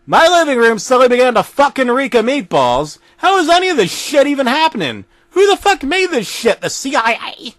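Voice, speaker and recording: A man's voice: very high-pitched, very animated, brisk, hardly any pauses, fairly bright tone, dry recording. A man narrating a comedic horror story in a crude, profane storytelling manner.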